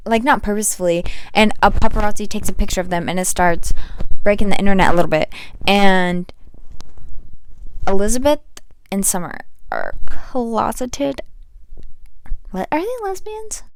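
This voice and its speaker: A young woman hosting a casual reading wrap-up vlog, her voice smooth and clear at a middling pitch. She talks in a chatty, animated way, tossing in slang and playful asides to her viewers. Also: moderate pace. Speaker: book vlogger.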